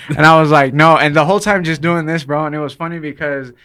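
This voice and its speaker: Fast-talking man telling a wild story. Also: a little high. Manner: animated storyteller, acts out quoted voices. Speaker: podcast guest, rapper. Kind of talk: casual storytelling chat.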